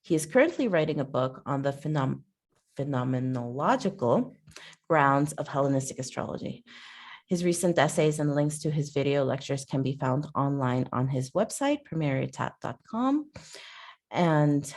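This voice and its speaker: A woman's voice: sits low, expressive, normal speed, darkish tone. A woman hosting an online talk on a video call, introducing the speaker and stumbling over her words at times.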